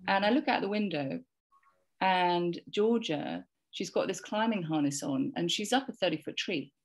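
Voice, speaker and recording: A woman's voice: on the low side, animated, normal speed. A woman in her forties telling a rambling, heartfelt parenting story in a casual conversation, often repeating words and quoting herself and others. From England. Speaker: podcast guest sharing a parenting story.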